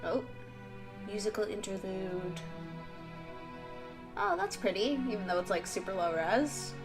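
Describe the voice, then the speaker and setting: Chatty woman with a lively voice. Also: medium pitch, brisk, creaky. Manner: chatty, playful and exclamatory. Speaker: let's play host. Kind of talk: casual gameplay commentary. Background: game music.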